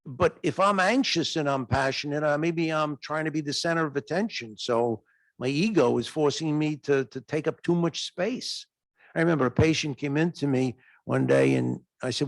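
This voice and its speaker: A man giving an animated answer in a lecture question period, acting out dialogue as he tells a story. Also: gravelly, dry recording. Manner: animated storytelling, acts out dialogue in raised pitch. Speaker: guest lecturer. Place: lecture hall.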